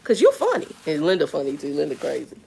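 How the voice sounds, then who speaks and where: A middle-aged woman in casual livestream chat, with a fairly low voice for a woman. She talks frankly in slang and tells animated stories, her voice jumping up as she gets worked up. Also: quick pace, vocal fry, slight background noise. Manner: animated storytelling, voice jumps up when riled; slangy, frank, repeats words. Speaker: livestream host.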